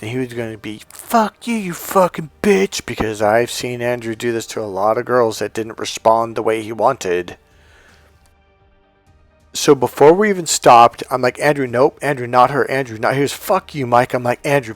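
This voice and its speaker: A man working as a dating coach, telling a story in a casual, profane, animated way and acting out the voices of the people in it. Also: medium pitch, no echo.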